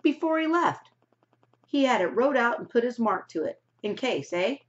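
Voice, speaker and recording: A woman reading aloud and voicing a stubborn, rough-spoken country uncle in a storybook, on a dull lo-fi recording. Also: on the high side, very animated, normal speed, voice pushed up. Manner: blunt rustic grammar, stubborn.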